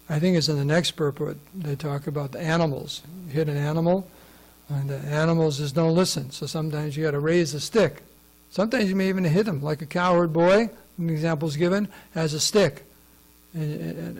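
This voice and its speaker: A man's voice: fairly high pitch, low-quality recording. A man giving a scripture class, conversational and often asking his listeners questions. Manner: conversational, asks the audience questions. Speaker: class speaker.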